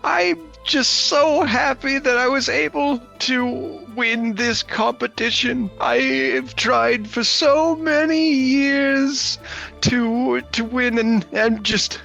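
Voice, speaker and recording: A man voicing an older male gnome who has just won a contest, gushing with joy in a high put-on voice. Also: slow pace, gravelly, sharp tone, soft background music, exaggerated voice. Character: happy older male gnome, prize winner.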